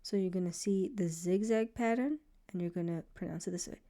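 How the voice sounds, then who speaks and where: Patient woman teaching Hebrew letters, mellow voice. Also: fairly low pitch. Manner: patient, repeats sounds slowly to demonstrate. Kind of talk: beginner language lesson.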